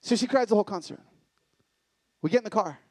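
A man in middle age tells a story as a sermon at a live event. His voice sits high and leaps all over, jumping from excited bursts to soft, near-whispered lows. The sound is dry and close. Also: quick pace, no room sound. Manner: swings between excited loud bursts and hushed intimate lows. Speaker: conference speaker.

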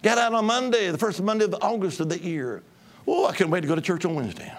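High-voiced preacher shouting his testimony. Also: quick pace. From Alabama. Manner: shouting, exuberant, bursts of tongues. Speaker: evangelist. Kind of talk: testimony sermon.

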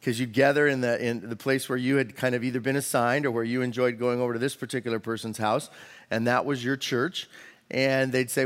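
A man preaching a sermon as a pastor, in a conversational way with quick asides and the odd restart. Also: medium pitch, level tone. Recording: long hall reverb.

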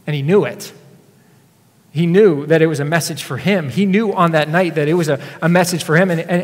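A pastor telling a story in a sermon, earnest and self-deprecating, acting out the dialogue he quotes. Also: a little high. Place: church sanctuary. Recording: long reverb of a church sanctuary.

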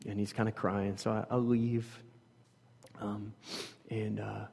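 A man telling a personal story about his children to a group, rambling with many fillers and dropping to a hush at times. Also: lowish voice, little pitch movement, slow, vocal fry, a little hiss or hum. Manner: rambling, many fillers, swings from loud to hushed. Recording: long hall reverb.

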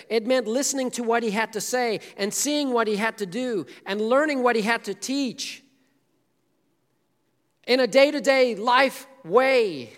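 A man's voice: extremely high pitch, a bit bright. A male pastor preaching a sermon in a casual, joking way, retelling a story and acting out the quotes. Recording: echoey hall.

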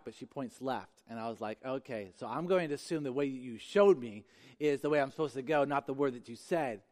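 A man's voice: mid-range voice, fairly quick, darkish tone. A male pastor preaching a sermon, emphatic and repeating phrases for effect. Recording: long hall reverb.

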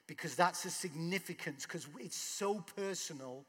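A man's voice: fairly high pitch, normal speed, fairly bright tone, husky, in a large hall. A man preaching a sermon in a conversational way, asking rhetorical questions. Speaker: pastor.

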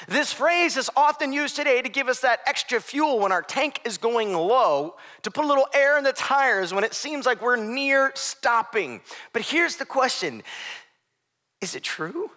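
A man's voice: extremely high pitch, expressive, measured pace, sharp tone. A young adult man preaching a sermon as pastor, conversational with joking asides.

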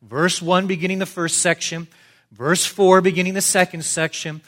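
A man's voice: sits high, flat delivery, normal speed, a bit bright. A man preaching an expository sermon as pastor, structured and emphatic, repeating phrases for stress. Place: church.

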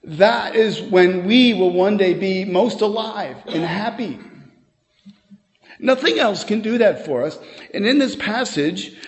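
A long reverb trails this pastor's animated voice as it fills the church sanctuary. Pitched somewhat high, he builds his sermon to emphatic, heartfelt peaks before dropping into brisk, conversational asides.

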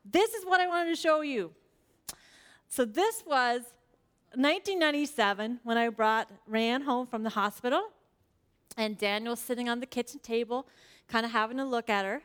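A church speaker in her forties shares a personal sermon with prayer, telling stories to the congregation with earnest, chatty warmth. Her voice is a little high for a woman, clean in tone and at normal speed, and she leans heavily on fillers like "like."

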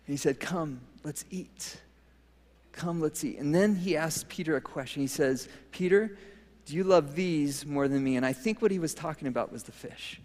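A male pastor with a fairly high voice preaches in a church, repeating phrases with rising emphasis and little laughs between points. His words carry a long reverb from the big sanctuary, and in prayer he sinks to a soft, almost whispered tone. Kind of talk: sermon ending in a prayer. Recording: long reverb of a large hall.

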